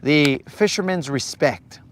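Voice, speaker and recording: A man's voice: a little high, animated, takes it slowly, slight background noise. A man hosting a live fishing stream from a boat on a lake, chatting casually and slangily with viewers. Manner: laid-back, slangy, greets viewers from chat.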